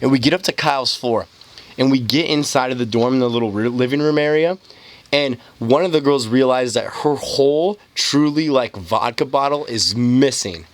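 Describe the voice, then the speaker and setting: A man's voice: medium pitch, normal speed. A young man co-hosting a podcast, recounting a night out in a laid-back, swearing way. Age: young adult. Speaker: podcast co-host. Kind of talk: casual storytelling chat.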